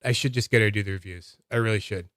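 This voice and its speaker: A man's voice: on the low side, rapid-fire, a bit bright, no echo, studio quality. A Canadian man hosting a casual livestream, rambling and joking at his own expense. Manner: rambling, self-mocking, laughs often. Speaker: livestream host reviewing fidget toys.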